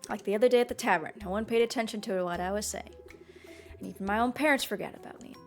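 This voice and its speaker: A woman's voice: medium pitch, fast, soft background music, close to an everyday voice. A woman voicing a lonely, overlooked young man who talks in a sulky, self-pitying way, as a game character read aloud. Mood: sad.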